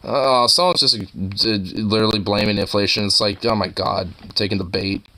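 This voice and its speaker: A man's voice: fairly low pitch, fairly even intonation, normal speed, pushed and bright. A man giving casual, rambling commentary while browsing online posts, full of profanity and filler.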